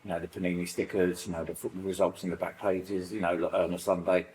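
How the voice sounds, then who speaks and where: A middle-aged British man with a British accent, sharing childhood stories in a recovery group, rambling and animated with lots of fillers. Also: deep voice, fast talker, a little hiss or hum, low-quality recording. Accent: British English. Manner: rambling, animated storytelling full of fillers and acted-out quotes. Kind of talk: personal sharing in a support group.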